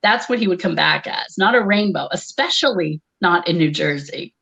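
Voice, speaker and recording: A woman's voice: fairly low pitch, expressive, moderate pace, gravelly, fairly bright tone. A woman telling a personal story in a wry, conversational way, laughing often. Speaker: conference speaker, comedian. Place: live online conference.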